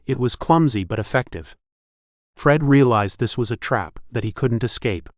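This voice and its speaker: A man's voice: mid-range voice, normal speed, dry recording. Man narrating an audiobook, dry sound. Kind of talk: scripted narration.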